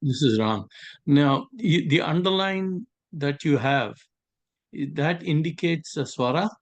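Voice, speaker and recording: A man asking hesitant, halting questions as a student in a grammar class. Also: on the high side.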